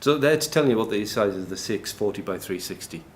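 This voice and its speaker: A man's voice: on the low side, lively intonation, a little fast. A man speaking at a conference, giving a chatty live tech demo in a noisy, echoey room. He jokes, laughs often and fills gaps with ums.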